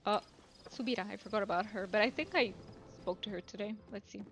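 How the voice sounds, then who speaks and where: A woman's voice: medium pitch, fast, faint music behind. A woman streaming a game, chatting casually and musing aloud to her viewers. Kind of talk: casual gameplay commentary.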